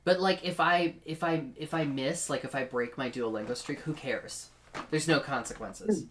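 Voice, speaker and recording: Woman, low pitch, podcast co-host, casual chat, laughing storyteller. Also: normal speed.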